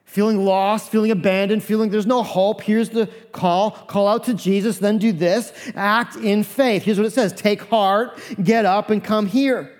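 A man preaching a sermon as pastor, animated, acting out the voices of the figures in his story. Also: high-pitched, unhurried, hardly any pauses, long reverb tail.

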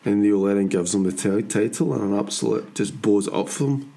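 A Scottish man in his forties hosting a podcast, chatting in a rambling, animated way and laughing often. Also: on the low side, fairly quick, creaky. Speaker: podcast host. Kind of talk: casual chat.

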